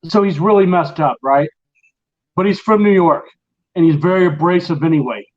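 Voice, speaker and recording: A man's voice: on the high side, moderate pace, a little mellow. Casual: middle aged guy hosting a late night chat, rambles through a story, kinda muffled sound. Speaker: host.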